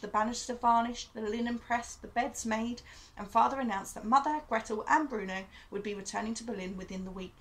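A woman teacher reading a novel aloud to her pupils in a steady storytelling manner. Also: mid-range voice, low-quality recording.

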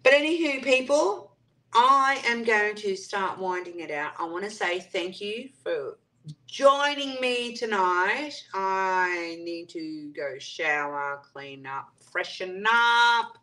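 A woman's voice: mid-range voice, animated, slow, bright, forceful tone. A woman hosting a live stream, chatting casually and reading out viewer comments and answering them. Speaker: livestream host.

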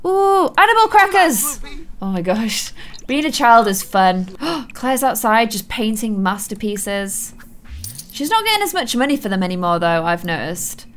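A young woman commentating a life-simulation game for her viewers, gushing and gasping often as she plays. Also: fairly high pitch. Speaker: gaming channel host. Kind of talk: let's play commentary.

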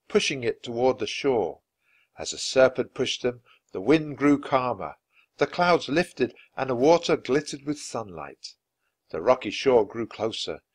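Expressive man reading a children's book aloud. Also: mid-range voice. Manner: expressive, dramatic. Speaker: storyteller.

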